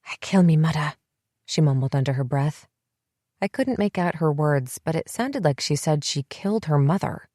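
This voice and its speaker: A woman reading a psychological thriller audiobook in steady, measured first-person narration. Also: low-pitched, no room sound, clean studio sound.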